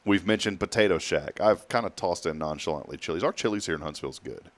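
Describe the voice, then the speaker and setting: Deep-voiced Texan man rambling storytelling. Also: fast talker. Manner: rambling storyteller, chuckles often. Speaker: morning show host. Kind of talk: casual chat.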